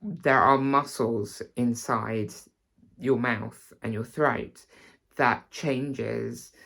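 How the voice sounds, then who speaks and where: A man's voice: mid-range voice, steady tone, extremely slow, vocal fry, a bit bright. A man with an Estuary English accent, an actor giving a casual spoken accent tutorial in a loose, explanatory way that circles back on itself.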